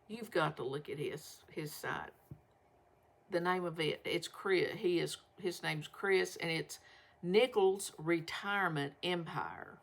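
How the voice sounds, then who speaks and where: A woman's voice: on the low side, vocal fry, fairly bright tone. An older woman, chatting folksily and rambling to her viewers as a vlog host. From Southern United States. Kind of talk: casual chat to viewers.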